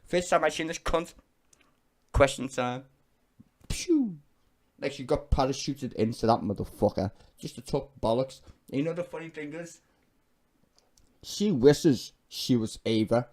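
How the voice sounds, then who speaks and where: A man's voice: medium pitch, normal speed. A British man giving profane, scornful reaction commentary on his own channel. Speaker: YouTube commentator.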